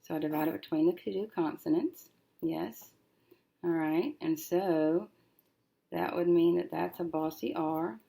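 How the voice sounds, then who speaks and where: Woman, teacher, low gravelly voice, slow, sounding out syllables, working at a desk. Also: mellow. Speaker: reading teacher. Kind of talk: recorded syllable-division lesson.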